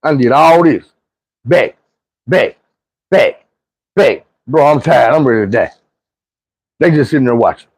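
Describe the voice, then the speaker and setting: A man's voice: medium pitch, animated, brisk, vocal fry, long pauses, darkish tone, no room sound. A man casually telling a story from his own life in a slangy, profane, conversational way.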